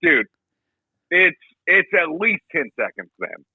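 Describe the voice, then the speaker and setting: A young man with a high, husky voice swings his pitch wildly as he tears into a film on a casual podcast. He swears freely and mimics the people he mocks. The recording is dry and a bit muffled. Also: takes it slowly, dry recording. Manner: profane, animated storytelling with mocking impressions. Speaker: podcast co-host. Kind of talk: casual podcast movie rant.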